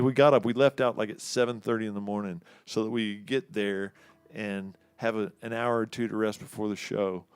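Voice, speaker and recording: Houston guitar man, casual raconteur, smooth dry voice, mid pitch. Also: no room sound. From Houston, Texas. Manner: animated, acts out quoted voices, laughs often. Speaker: musician telling a story. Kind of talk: casual storytelling. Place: live studio show.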